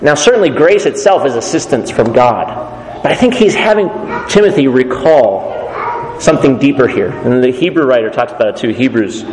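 A man preaching a sermon with animated, emphatic delivery. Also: mid-range voice, brisk, a little hiss or hum. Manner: animated, shifting between earnest and emphatic delivery. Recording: echoey hall with room ambience.

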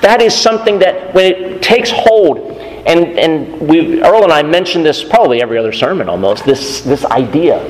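A preacher in a reverberant hall. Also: male voice, a little high, animated, normal speed. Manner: earnest, repeats key phrases for emphasis. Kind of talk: sermon. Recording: long reverb of a church hall.

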